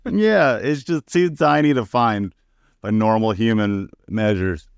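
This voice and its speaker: A man with a low, smooth and resonant voice tells stories on a podcast as a comedian guest. He is candid and foul-mouthed and acts out the people in his anecdotes. The sound is dry and close. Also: measured pace, no echo. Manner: candid, profane, acting out quoted people. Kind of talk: casual podcast storytelling.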